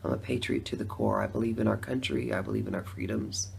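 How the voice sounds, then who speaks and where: A woman's voice: very deep voice, steady tone, fast talker, vocal fry, a little mellow, a little hiss or hum. A middle-aged woman telling a personal story in a casual, conversational way. She laughs often and acts out her own reactions. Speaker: former Democrat voter telling her story.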